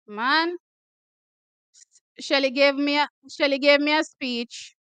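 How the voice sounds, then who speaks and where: A Jamaican woman hosting a watch party, reacting excitedly to races with exclamations and repeated shouts. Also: sits high, slow, dry recording. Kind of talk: excited live race reaction.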